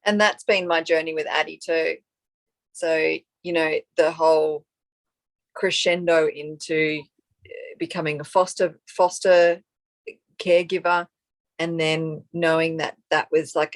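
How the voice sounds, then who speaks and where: Low-voiced woman, thoughtful chat. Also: no echo. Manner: thoughtful, searching, with fillers. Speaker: podcast co-host. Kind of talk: casual reflective chat.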